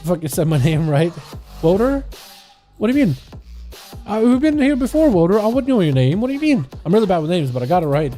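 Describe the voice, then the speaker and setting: Young man, Russian native, gaming streamer, slangy chatter, mellow voice, faint music behind. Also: high voice, very animated, fast. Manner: loose, rambling, slangy. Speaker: game streamer. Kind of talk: casual livestream chat with viewers.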